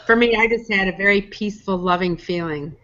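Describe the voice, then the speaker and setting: An older woman taking part in a group call, sharing slowly and softly. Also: mid-range voice, lo-fi sound. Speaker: participant. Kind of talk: casual chat.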